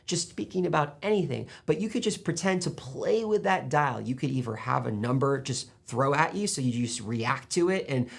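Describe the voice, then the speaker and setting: A man coaching public speaking to camera, animated as he demonstrates loud and soft delivery. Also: mid-range voice, moderate pace, gravelly, few pauses. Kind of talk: instructional talk to camera.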